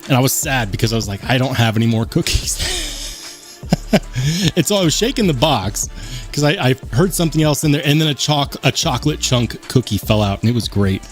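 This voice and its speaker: Man, casual stream host, animated voice, reads chat aloud, plain accent. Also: mid-range voice, quick pace, soft background music. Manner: chatty, reads chat aloud, self-mocking.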